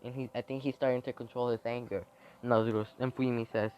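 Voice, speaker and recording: A man's voice: mid-range voice, little pitch movement, fast talker, darkish tone. A man making up a fan story as he goes, rambling with many restarts and ums. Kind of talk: improvised fan-fiction storytelling. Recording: dull lo-fi recording.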